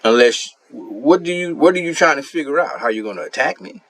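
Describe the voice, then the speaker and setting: A man's voice: a little high, lively intonation, fairly quick, a bit bright. A man giving casual commentary on a strategy game, ranting in an indignant, mocking way about another player.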